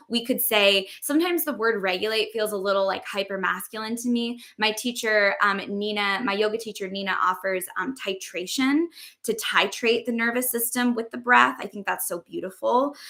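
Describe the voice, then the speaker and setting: Bright-voiced woman teaching unhurriedly. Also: medium pitch. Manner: unhurried, loose, with frequent fillers. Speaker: podcast host and embodiment teacher. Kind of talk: casual spiritual teaching talk.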